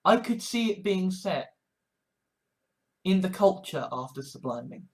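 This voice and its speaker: A woman's voice: on the low side, sing-song, unhurried, darkish tone. A woman talking in a casual, rambling monologue, swearing often and restarting her sentences. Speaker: online commentator.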